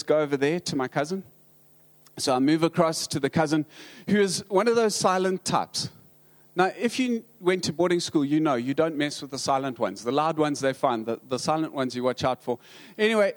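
A man with a South African accent, a pastor telling humorous stories in a sermon, halting with many restarts and dry humor. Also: on the high side.

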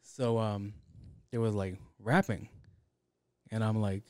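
A man's voice: lowish voice, steady tone, slow, long pauses, darkish tone, smooth, no echo, studio quality. A man hosting a podcast alone, talking casually in a rambling way with lots of fillers and swearing. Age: adult with kids. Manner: rambling, profane, heavy with fillers. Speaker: podcast host. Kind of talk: casual solo podcast chat.

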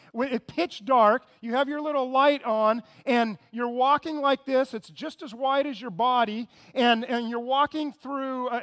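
A man with a strikingly high voice preaching a sermon. He is animated and repeats his key phrases, and he invites the congregation to echo words back to him. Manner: animated, repetitive, asks the congregation to respond. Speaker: pastor.

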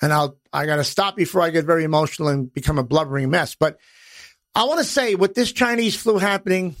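A middle-aged man hosts a podcast in a blunt, profane wise-guy manner. His voice sits high for a man and has a gravelly rasp. The sound is dry and close to the mic. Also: fast talker, a bit bright, no room sound. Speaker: podcast host. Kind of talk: personal podcast monologue.

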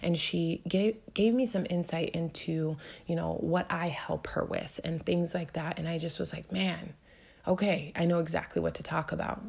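A woman in her thirties giving an earnest, direct self-help talk, often dropping to a soft whisper to stress a point. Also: lowish voice, fairly even intonation, normal speed, creaky, few pauses, husky. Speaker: motivational podcast host.

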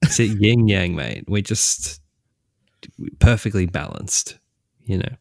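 An easygoing man chatting as a podcast co-host, his fairly low voice keeping things mellow. His tone still rises and falls a lot as he jokes, and the sound is close and dry with no room echo. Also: animated, takes it slowly, creaky. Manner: mellow, laid-back. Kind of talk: casual chat.

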